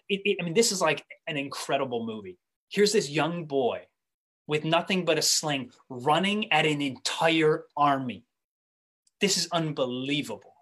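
A male preacher with a voice pitched a little above the usual for a man delivers a sermon in a relaxed, conversational way. He trips over restarts and repeated words, but the storytelling comes alive, speeding up and slowing down to drive home the key points.

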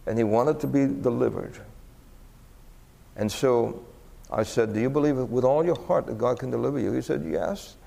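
A man's voice: mid-range voice, normal speed, creaky, big-room sound. A man preaching a sermon and telling stories, his voice climbing sharply when he acts out the people in them. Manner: animated, voice rising for quoted exclamations. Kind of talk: sermon storytelling.

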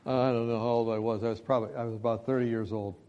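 A man preaching, telling a personal story in a lively, self-deprecating way. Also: mid-range voice, quick pace, highs cut off. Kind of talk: sermon storytelling.

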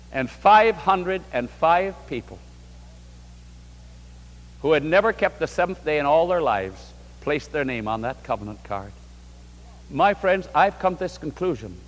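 A man's voice: on the high side, long reverb tail. A man preaching a sermon to a large congregation, from New York State, in a fervent, rising and falling delivery. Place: large hall before a congregation.

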